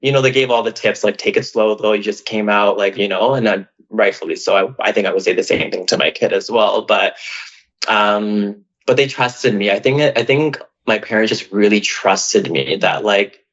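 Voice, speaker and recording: A man's voice: on the low side, normal speed, a bit bright. Chatty man on a dull recording. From Canada. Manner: chatty, heavy use of "like", emotional and open. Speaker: podcast guest. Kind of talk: casual personal storytelling. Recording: dull, lo-fi audio.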